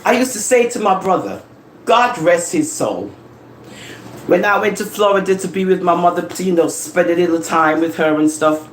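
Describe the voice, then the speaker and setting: Live-streamer, animated home chat on a phone, roomy echo. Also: mid-range voice, slight background noise. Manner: animated, laughing, teasing rants and storytelling. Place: home living room. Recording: echoey room with faint ambience.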